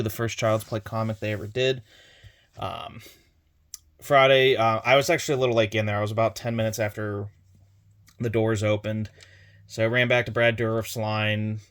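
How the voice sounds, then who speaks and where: A man's voice: lowish voice, level tone, normal speed, fairly bright tone, clear, resonant tone. A young man casually retelling a convention visit, rambling with fillers and restarts as he quotes conversations. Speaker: collector vlogger. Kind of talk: casual convention haul recap.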